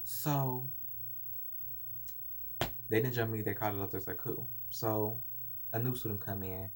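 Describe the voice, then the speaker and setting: A man's voice: on the low side, fairly even intonation, a little slow, background noise. A young man telling a painful personal story to camera in an emotional, rambling and apologetic way. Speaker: vlogger.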